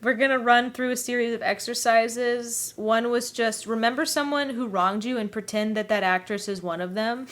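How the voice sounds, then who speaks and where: A woman's voice: fairly high pitch, steady tone, normal speed, fairly bright tone. A woman co-hosting a book club podcast, chatting casually, laughing often and acting out characters' lines. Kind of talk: casual chat.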